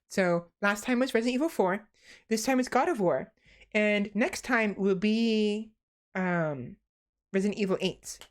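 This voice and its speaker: A young woman streaming as a VTuber, a naturally fast talker consciously slowing down to enunciate, often sighing and laughing softly between phrases. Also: fairly high pitch. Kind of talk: casual stream chat.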